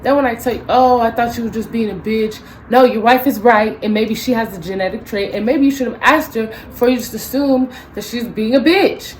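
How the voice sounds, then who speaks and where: A woman in her twenties telling a story in a ranting vlog, animated and profane, acting out both sides of the conversation. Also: a little high, brisk, hardly any pauses, slight background noise, low-quality recording. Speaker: vlogger.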